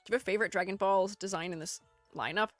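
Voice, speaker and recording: Rapid-fire and mid-range, a woman streamer chats casually while critiquing art, rambling and giggling at her own expense. There's no room sound, only soft music in the background.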